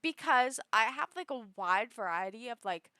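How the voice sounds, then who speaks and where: Woman streamer, casual chat, bright and crisp, meandering delivery with a restless shifting pitch. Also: animated, moderate pace, dry recording, clean studio sound. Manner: rambling, filler-heavy, shifts her pitch often.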